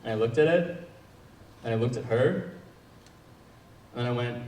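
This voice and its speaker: A young man tells stand-up stories with a dry, deadpan delivery and waits before each punchline. His medium-pitched voice sounds distant and rings through a reverberant hall. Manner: deadpan storytelling with punchline pauses. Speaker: stand-up comedian. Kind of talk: stand-up comedy set. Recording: echoey hall, distant mic.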